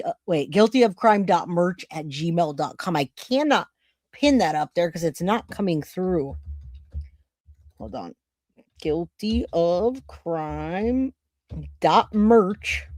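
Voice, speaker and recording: A woman's voice: fairly low pitch, a little mellow, no echo, studio quality. A woman hosting a true crime livestream, talking casually and directly to her chat viewers.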